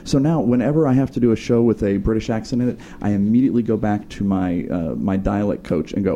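A man co-hosting a radio talk show in the studio. He talks fast and lively in a mellow, dark tone, with faint noise under the voice. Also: lowish voice. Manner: talkative, quick, animated storyteller. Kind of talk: casual studio chat.

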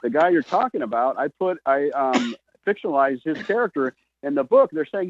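A man telling an animated story over the phone. He talks fast and plays every part in the conversation himself. The line is tinny and dry, with no room sound. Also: fairly high pitch, no room sound. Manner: animated, acts out both sides of dialogue. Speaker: phone-in guest author. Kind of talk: casual storytelling.

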